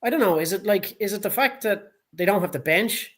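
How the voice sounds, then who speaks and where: A man's voice: high-pitched, animated, brisk, fairly bright tone. A man with a Dublin accent co-hosting a casual sports chat, blunt, heated and full of swearing. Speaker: podcast co-host.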